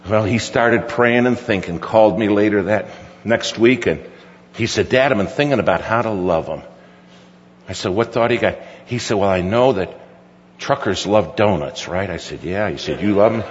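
A man's voice: fairly low pitch, moderate pace, slight background noise. A middle-aged male pastor telling a folksy story in a sermon, quoting his son at length. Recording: dull recording with hall reverb.

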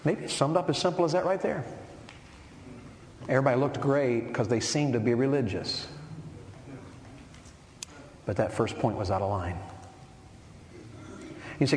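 A man preaching a sermon to a men's meeting, firing rhetorical questions and building to forceful emphasis. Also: medium pitch, normal speed, long pauses. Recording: echoey hall with long reverb and faint noise.

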